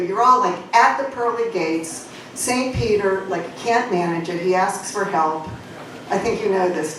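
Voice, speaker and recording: A woman's voice: medium pitch, slight background noise. Woman doing stand-up style storytelling, rambling and self-mocking, echoey, from far off. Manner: rambling, self-deprecating, with fillers. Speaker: stage performer. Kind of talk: live comedic storytelling. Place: small club stage.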